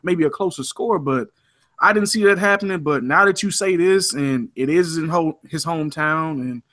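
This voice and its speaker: A male radio co-host talking boxing in a casual, animated way, repeating words as he gets worked up. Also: fairly high pitch, moderate pace. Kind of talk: casual sports debate. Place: radio studio.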